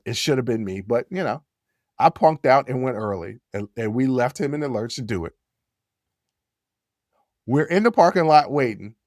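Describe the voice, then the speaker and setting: A man hosting a podcast, telling a story in a casual, animated way, repeating phrases and jumping his voice up when he gets worked up. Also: no room sound, clean studio sound. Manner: animated, repeats phrases, jumps to high yells when quoting. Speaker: podcast host.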